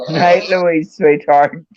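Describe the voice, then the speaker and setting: Deep-voiced and a little mellow, the woman co-hosting this laid-back livestream laughs often and sighs and groans along the way. Her video call audio comes through dull and lo-fi.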